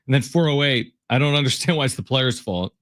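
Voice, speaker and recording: A man's voice: mid-range voice, lively intonation, quick pace, fairly bright tone, no room sound. A male sports radio host bantering with his co-host and reading listener texts in a studio. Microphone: studio mic.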